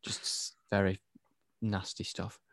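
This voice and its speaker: Opinionated English film podcast co-host, low voice, dead-dry mic. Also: male voice, unhurried, dry recording. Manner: animated, opinionated, laughs easily. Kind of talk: casual film review chat.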